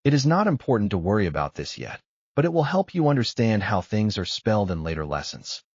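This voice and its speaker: A man narrating a scripted language lesson, explaining rules in a measured way. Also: lowish voice, sing-song, a little mellow, breathy edge, no echo, muffled recording. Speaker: language teacher.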